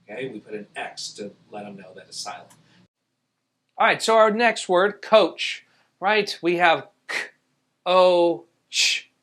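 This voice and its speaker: A man's voice: a little high, a bit bright. A man teaching a spelling lesson, patiently explaining rules and sounding out each letter. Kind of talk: spelling tutorial.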